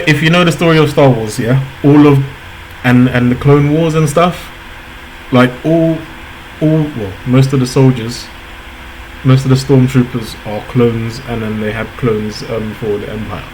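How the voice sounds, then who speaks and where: A man hosting a casual reaction video, talking excitably, laughing often and repeating himself. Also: medium pitch, unhurried, slight background noise, rough recording.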